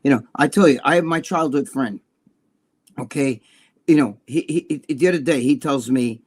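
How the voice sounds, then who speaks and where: A man, co-hosting a casual live stream and telling profane, animated stories. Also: mid-range voice, moderate pace, husky. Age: 60s. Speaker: co-host.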